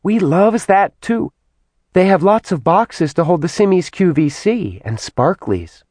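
A man's voice: high voice, animated, a little slow, darkish tone, no echo, voice pushed up. A man voicing a giddy, greedy female demon who talks in cooing baby talk. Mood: gleeful.

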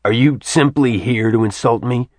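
A man's voice: mid-range voice, moderate pace, no echo, lightly acted. A man voicing a sullen, curt man in a storybook reading. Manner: curt, growling.

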